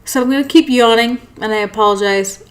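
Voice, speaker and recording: A woman's voice: fairly high pitch, brisk. Tired yawning woman host. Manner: apologetic, rambling. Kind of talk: casual live talk.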